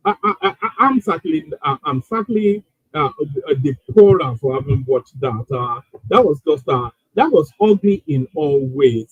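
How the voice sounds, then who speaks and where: Male host, stammering commentary, husky, lo-fi dry sound. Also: on the high side, no echo. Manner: hesitant, stammering, disapproving. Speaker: show host. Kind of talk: casual commentary.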